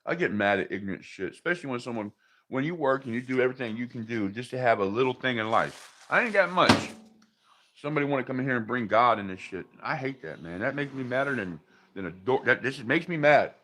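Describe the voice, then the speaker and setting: A man's voice: medium pitch, animated, fast, background noise. A man hosting a livestream, ranting in an irritated, profane way and chatting casually with his viewers and dogs. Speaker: livestream host.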